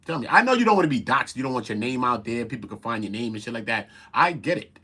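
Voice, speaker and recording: A man hosting a casual commentary show, talking in an animated, profane and incredulous way. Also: medium pitch, fast talker, slightly rough. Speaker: commentary host.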